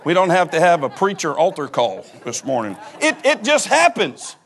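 Pastor guy preaching, high voice that swoops all over, folksy and jokey. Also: moderate pace, slightly rough. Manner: folksy, joking, animated preaching. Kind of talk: sermon. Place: church.

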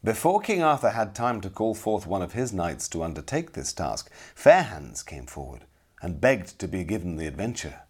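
A man narrating a storybook with expressive, dramatic storytelling. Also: low-pitched, normal speed, slightly rough.

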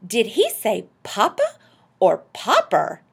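A woman's voice: on the high side, wildly swooping pitch, slow pace, creaky, breathy edge, pitched above the performer's own voice, heavily acted. A woman voicing a practical, fussy middle-aged housewife who scolds primly. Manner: scolding, prim.

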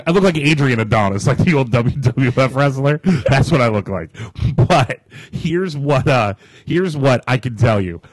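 A man's voice: mid-range voice, animated, moderate pace, dry recording, rough recording. Middle-aged man, blunt and jokey. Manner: blunt, jokey, speaks from experience. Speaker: podcast co-host. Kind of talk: casual chat.

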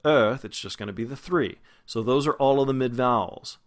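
A man who is a vocal coach, giving a pronunciation lesson and slowly demonstrating single sounds and words. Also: medium pitch. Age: adult, past grad school.

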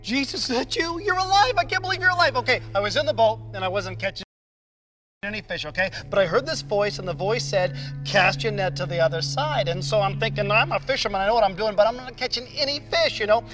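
A man acting out an overjoyed fisherman disciple, all high squeals and rushing words, spilling his story in a breathless gush for a comic church video. Faint music runs under him. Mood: overjoyed, amazed. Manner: breathless, gushing, talks fast in a high excited voice. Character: excitable adult male fisherman disciple, overjoyed.

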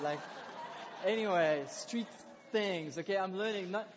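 A man preaching a sermon in a lively, conversational way, with excited asides. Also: a little high, a little fast, a little hiss or hum. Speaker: pastor. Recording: dull lo-fi recording in a reverberant hall.

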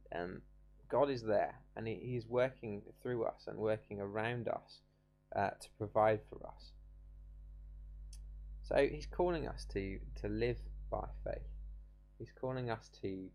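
A young man giving an informal devotional talk, casual and halting with many restarts. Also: lowish voice, creaky, a little mellow. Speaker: preacher.

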